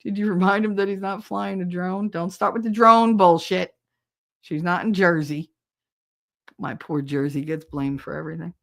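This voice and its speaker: A woman's voice: fairly low pitch, fairly even intonation, moderate pace, creaky, fairly bright tone. A middle-aged woman hosting a casual livestream chat, irreverent and profane, laughing often and acting out quotes as she reads the chat. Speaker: podcast host reading live chat.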